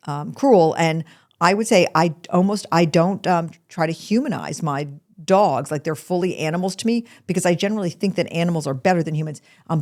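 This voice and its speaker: A middle-aged woman hosting a podcast in casual chat. She talks in an animated, chatty way and often breaks off mid-sentence. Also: deep voice. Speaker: podcast host.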